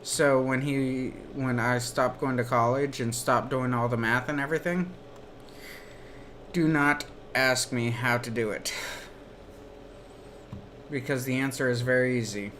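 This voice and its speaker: A man's voice: medium pitch, fairly even intonation, a bit bright, a little hiss or hum. A man streaming while gaming, telling rambling stories in a casual chat. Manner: slow rambling storytelling.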